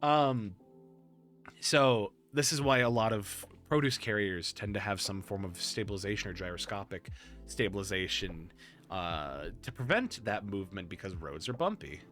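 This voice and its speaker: Male streamer host, bright tone, excitable, chatty. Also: lowish voice, soft background music. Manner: excitable, rambling, quick to laugh. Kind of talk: casual stream chat.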